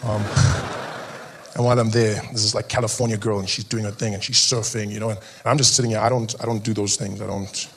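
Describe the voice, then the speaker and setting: A man's voice: on the low side, brisk, a little hiss or hum. South African man doing stand-up. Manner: animated, acts out other people in put-on voices. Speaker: stand-up comedian. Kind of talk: stand-up comedy set.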